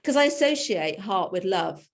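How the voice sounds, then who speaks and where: A woman's voice: mid-range voice, lively intonation, moderate pace. Chatty woman who laughs a lot. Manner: chatty, laughs often, trails off and restarts. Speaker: coaching client. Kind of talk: reflective conversation.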